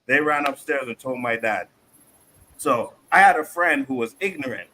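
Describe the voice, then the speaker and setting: A man from Canada hosting a casual panel podcast, telling stories in a lively, profane way and acting out the quotes. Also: medium pitch, moderate pace, a little hiss or hum, rough recording. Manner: animated storytelling, profane, acts out quotes. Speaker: podcast host.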